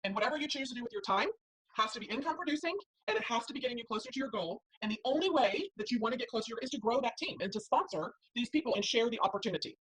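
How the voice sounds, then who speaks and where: Brief: saleswoman with a slightly high, husky voice, quick motivational pitch. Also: lively intonation, fairly bright tone, poor audio. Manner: upbeat, persuasive. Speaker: direct sales seller.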